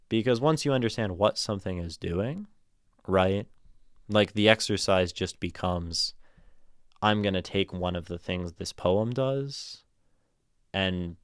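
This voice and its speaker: A man's voice: deep voice, dry recording, studio quality. A man streaming casual talk about poetry, rambling and thinking aloud, with a self-amused edge.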